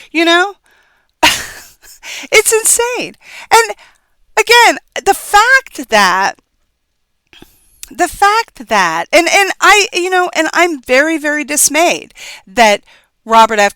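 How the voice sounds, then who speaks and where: Woman vlogger, impassioned scolding rant, crisp, forceful voice. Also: sits high, no room sound. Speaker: political commentator. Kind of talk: opinion vlog monologue.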